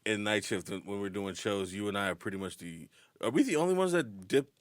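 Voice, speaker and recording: A man's voice: fairly low pitch, brisk, no room sound, studio quality. A man hosting a comedy podcast in casual chat, who laughs often and jokes crudely. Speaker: podcast host.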